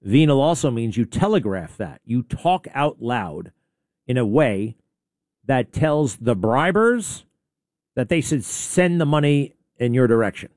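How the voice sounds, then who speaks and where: A man's voice: medium pitch, expressive, unhurried, darkish tone, no echo, clean studio sound. A man hosting a talk show, rambling through a sarcastic opinionated monologue with many asides and restarts. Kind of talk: opinionated monologue playing clips.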